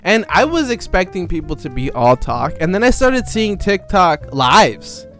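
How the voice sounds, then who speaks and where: A high-voiced man delivers a sarcastic comedic monologue. He rambles, stops mid-phrase and restarts. Faint music hums underneath. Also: very animated, measured pace, fairly bright tone. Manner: sarcastic, rambling with self-interruptions. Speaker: commentary creator.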